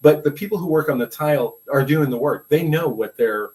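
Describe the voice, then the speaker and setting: A man's voice: a little high, brisk, a little mellow, rough recording. Older man telling rambling stories. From Brooklyn, New York. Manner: rambling, restarts and many "you know" asides. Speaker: guest, veteran school administrator. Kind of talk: casual conversational storytelling.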